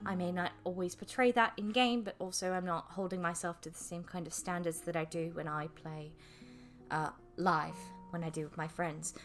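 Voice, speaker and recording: A woman's voice: on the low side, fairly even intonation, moderate pace, soft background music. A young woman chatting casually on a livestream, rambling and self-deprecating, with casual swearing and frequent laughs. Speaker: streamer and voice actor.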